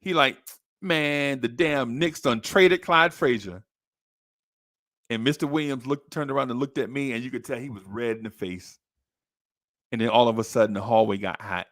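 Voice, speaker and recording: A man tells a story in a relaxed, conversational way, jumping high in pitch whenever he quotes someone. His voice sits in an ordinary middle register. The sound is close and dry, with no room around it. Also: fast, dry recording. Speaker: podcast host. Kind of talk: casual storytelling.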